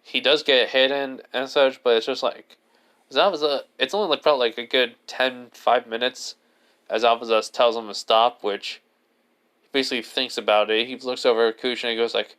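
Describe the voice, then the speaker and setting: A man narrates an improvised fan-fiction tale in a smooth, clear voice of average pitch. He rambles, constantly restarting and padding his lines with filler words. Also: steady tone, moderate pace, fairly bright tone. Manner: rambling, leans heavily on "basically" and restarts. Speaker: storyteller.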